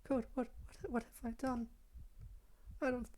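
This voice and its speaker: A woman voicing a frightened, bleeding young woman from a game, in a soft, trembling, half-whispered voice that breaks into halting phrases. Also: fairly high pitch, level tone, pitched above the performer's own voice, lightly acted. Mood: terrified, tearful. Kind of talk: game dialogue voice-over.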